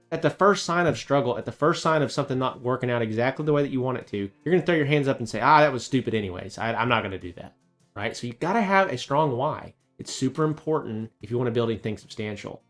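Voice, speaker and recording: A man in his thirties, a woodworking business coach, talking to camera in an emphatic, motivational way with rhetorical questions. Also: medium pitch. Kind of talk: direct-to-camera coaching talk.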